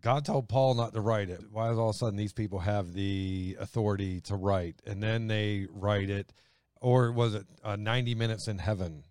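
A man's voice: lowish voice, fairly even intonation, moderate pace, a little mellow, clean tone, no room sound, studio quality. Plain-spoken male podcast host. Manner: conversational, opinionated, plain-spoken. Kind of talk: casual podcast chat.

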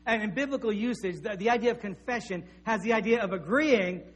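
High-voiced pastor preaching. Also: male voice, brisk. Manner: conversational, anecdotal, with repeated restarts. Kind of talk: sermon.

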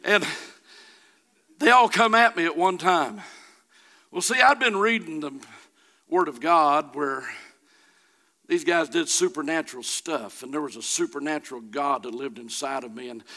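A middle-aged man preaching a sermon, telling a folksy personal story that builds to shouting. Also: fairly high pitch, normal speed, pauses often.

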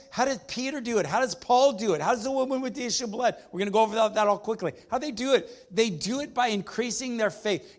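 A man with a notably high voice preaches a church sermon, emphatic and full of back-and-forth with the room. He calls out questions and drives his points home with repetition. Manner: emphatic call-and-response preaching with the congregation. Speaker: pastor.

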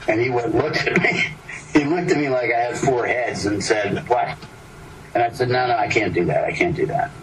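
Older man rambling through a story. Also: on the low side. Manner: rambling, lively storyteller voicing quoted people. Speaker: actor telling a story. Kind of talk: casual anecdote in an interview. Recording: distant mic with clear background noise.

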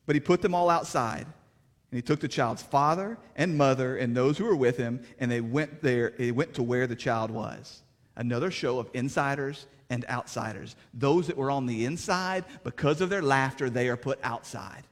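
A man preaching a sermon as pastor, in plainspoken, folksy words, swinging between fervent raised passages and hushed, quiet stretches. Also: mid-range voice, moderate pace. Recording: reverberant hall.

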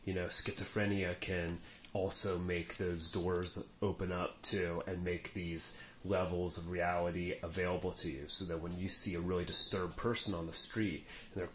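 A man's voice: low voice, level tone, normal speed, a bit bright. A middle-aged man chatting casually on a podcast, telling a rambling story full of fillers. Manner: rambling anecdotes with many fillers. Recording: roomy mic sound, faint room noise.

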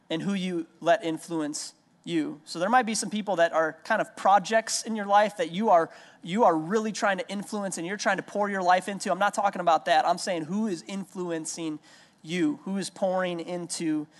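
A man's voice: high-pitched, moderate pace. A man in his thirties preaching an earnest sermon, repeating key lines for emphasis and telling everyday stories. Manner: storytelling with everyday anecdotes. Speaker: pastor. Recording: long hall reverb.

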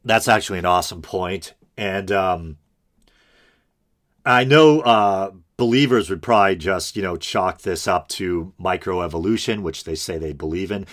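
A man hosting a podcast, talking casually over a debate clip, reading examples aloud and adding quick asides with a laugh. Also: low voice, a bit bright. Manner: laughs often, reads examples aloud, self-correcting asides. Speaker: podcast host responding to a clip.

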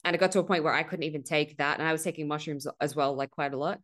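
A woman's voice: low voice, steady tone, rapid-fire, fairly bright tone. A woman hosting a podcast in casual conversation, candid and frank, swearing freely and acting out her past self in quoted asides. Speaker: podcast host.

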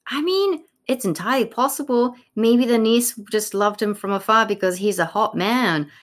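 A woman's voice: fairly high pitch, moderate pace. A woman co-hosting a podcast, rambling casually about a play with lots of fillers and jokey character voices. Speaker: podcast co-host. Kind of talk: casual literary discussion.

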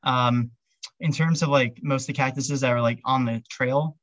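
A man's voice: medium pitch, steady tone, moderate pace, a bit bright, no room sound. Rambling man talking shoes, dull audio. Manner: rambling, heavy with fillers like "um" and "like". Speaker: podcast guest, ultrarunner. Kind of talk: casual interview chat.

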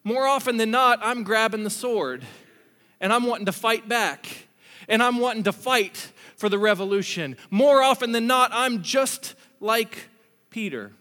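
A man preaches in a relaxed, storytelling manner, stopping now and then to speak straight to the congregation. His voice sits very high and sounds bright and forceful. It rings out with the long reverb of a large hall. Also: unhurried. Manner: conversational storytelling, animated asides. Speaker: pastor. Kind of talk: sermon.

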